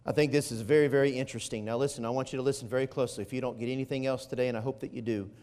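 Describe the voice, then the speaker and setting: A man's voice: mid-range voice, steady tone, very fast, a little mellow, in a large hall. A man preaching an Easter sermon as pastor, stretching key phrases and building to emphatic peaks. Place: church sanctuary.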